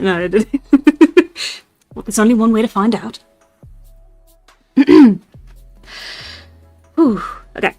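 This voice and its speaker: A woman's voice: medium pitch, takes it slowly, pauses often, dry recording, soft background music. A woman reading a Victorian novella aloud on a live stream, chatting and laughing with her viewers between passages. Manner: laughs easily, chatty asides to chat.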